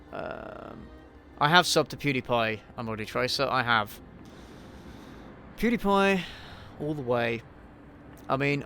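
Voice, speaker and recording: Sweary, blunt man with a bright voice. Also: medium pitch. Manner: blunt, sweary, hesitant with frequent ums and restarts. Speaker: YouTube channel host answering viewer questions. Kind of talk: casual livestream Q&A while gaming.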